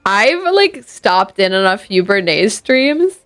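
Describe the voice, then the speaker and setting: A woman's voice: medium pitch, very animated, slow, fairly bright tone. A woman streaming a game, chatting casually and sleepily, rambling with fillers and restarts. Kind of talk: casual gameplay chat. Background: faint game music.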